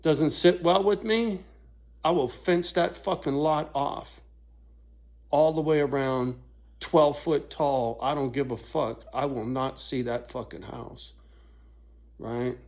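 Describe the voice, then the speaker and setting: A man's voice: fairly high pitch, takes it slowly, darkish tone. Rambling, cussing middle-aged man telling a story. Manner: rambling, profane, frequent "right?" asides. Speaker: vlogger. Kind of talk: casual storytelling to camera.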